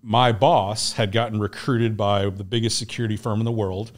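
A man's voice: lowish voice, moderate pace. A man telling war and contracting stories as a podcast guest, acting out dialogue, laughing and swearing casually. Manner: animated, acts out dialogue, laughs often, swears. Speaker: podcast guest, Navy SEAL veteran. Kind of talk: casual storytelling interview.

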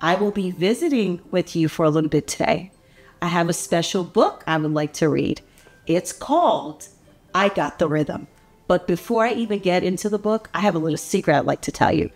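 A woman from Africa reading a picture book aloud to young children, animated and playful, stopping to ask them questions. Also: on the low side, moderate pace, soft background music. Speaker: children's story reader. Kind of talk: read-aloud storytime for children.

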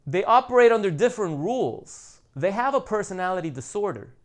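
A man's voice: sits high, sing-song, a little fast. A man hosting his own channel, talking straight to viewers in a casual monologue, blunt and emphatic, repeating his points for stress. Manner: speaks directly to the audience. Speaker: channel host.

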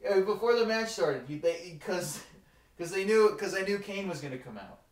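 A man with a slightly higher voice explains at length in a knowing tone. He talks loosely with friends, a little back from the mic in an echoey room. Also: animated, normal speed, distant mic. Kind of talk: casual wrestling review chat.

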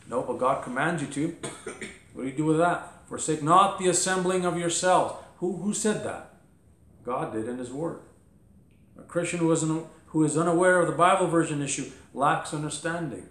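A man's voice: a little high, normal speed, a bit bright, roomy sound. A man preaching a sermon as pastor, emphatic, firing rhetorical questions and voicing mock objections. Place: church.

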